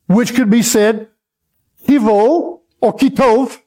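A man preaching a sermon to a congregation, reading scripture slowly and having the listeners repeat verses back to him. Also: very high voice, warm tone.

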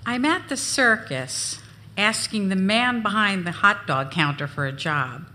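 A woman giving a live memoir reading on stage, expressive and unhurried. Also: mid-range voice, noisy background. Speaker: storyteller. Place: on stage at a venue.

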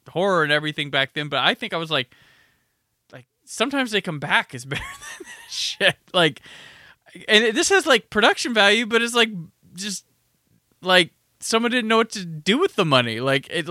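Bright, animated podcast host man. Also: high voice, no echo, clean studio sound. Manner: animated, rambling, frequent "like". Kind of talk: casual film discussion.

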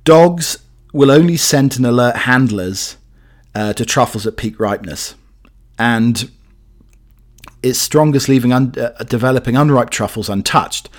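A man's voice: mid-range voice, measured pace. A man hosting a podcast alone, chatting in a jokey, meandering way full of fillers. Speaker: podcast host. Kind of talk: rambling solo chat.

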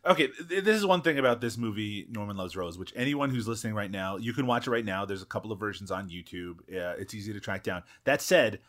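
A man's voice: on the low side, expressive, quick pace, few pauses, fairly bright tone. A man co-hosting a film podcast, talking casually and at length, with frequent restarts and swearing. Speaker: podcast co-host. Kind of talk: casual chat.

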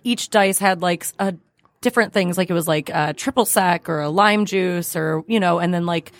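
A woman's voice: fairly low pitch, normal speed, dry recording. A woman co-hosting a casual chat, rambling with lots of fillers. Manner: chatty, rambling with many fillers.

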